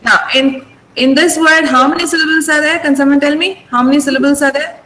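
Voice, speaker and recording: A woman's voice: high-pitched, fairly even intonation, fairly quick, fairly bright tone, echoey room, a little hiss or hum, poor audio. Indian woman teaching pronunciation. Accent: Indian English. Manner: explains patiently, drills pronunciation, asks students to repeat. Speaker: English teacher. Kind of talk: online vocabulary class.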